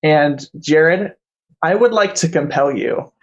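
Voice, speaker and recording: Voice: medium pitch, expressive, muffled recording, a little hiss or hum. A game master narrating a tabletop role-play over an online voice call, full of "like" and restarts. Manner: halting, filler-heavy narration.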